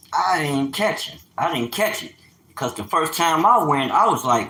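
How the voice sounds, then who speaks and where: A man in his fifties telling stories on a casual livestream, animated and streetwise, with sudden loud outbursts. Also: fairly high pitch, moderate pace, reverberant, rough recording. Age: 50s. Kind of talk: casual storytelling.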